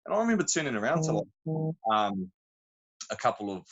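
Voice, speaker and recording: A New Zealand-accented podcast guest tells long, rambling stories in a casual, slangy style, interrupting himself often. His mid-range voice is very animated, fairly quick, a bit bright and slightly rough, and the sound is lo-fi.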